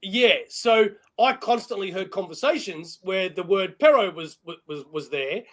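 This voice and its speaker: A man co-hosting a casual podcast chat, telling an animated story and laughing often. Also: high-pitched, unhurried. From Australia. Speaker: podcast co-host.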